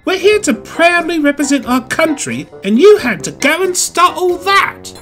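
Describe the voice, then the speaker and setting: A narrator doing a prim female steam engine, brisk, scolding, lively pitch, music underneath. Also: natural voice. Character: proud, brisk female Australian express engine.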